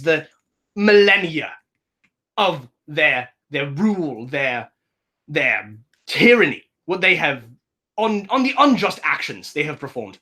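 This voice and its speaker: A man voicing a grandiose rebel who slowly and persuasively lures a stranger to his side, in a tabletop game. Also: on the high side, bright, forceful tone, full character voice.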